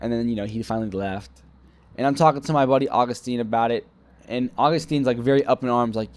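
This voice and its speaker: A man's voice: mid-range voice, quick pace, dry recording. Rambling young man telling a story. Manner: rambling, self-critical, animated retelling with quoted dialogue. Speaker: vlogger telling a personal story. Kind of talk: casual storytelling monologue.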